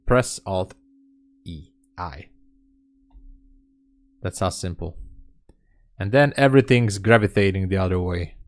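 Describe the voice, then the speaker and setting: A man hosting a live day trading stream, talking casually and reading chat messages aloud as he thinks out loud. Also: sits low, a little slow, long pauses. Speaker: day trading livestream host.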